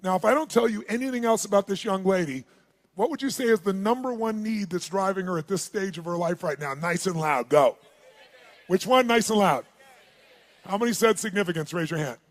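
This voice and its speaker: A man speaking at a live seminar, telling an animated story and calling questions out to the audience. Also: sits high, quick pace.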